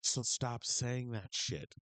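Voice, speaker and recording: A man's voice: medium pitch, lively intonation, slow, fairly bright tone, no room sound. A man streaming reaction commentary, ranting with profane, berating incredulity into a close mic.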